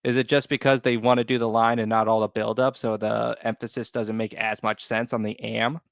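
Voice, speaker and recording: A man's voice: on the low side, little pitch movement, fairly quick, vocal fry, no echo, clean studio sound. A man co-hosting a pop-culture podcast, chatting casually and reasoning aloud. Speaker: podcast co-host.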